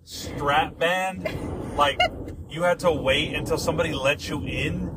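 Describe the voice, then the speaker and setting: A man's voice: a little high, steady tone, unhurried. A man hosting a casual podcast chat, rambling and swearing freely as he tells stories. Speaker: podcast host. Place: car on a road trip. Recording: noisy car recording, distant mic.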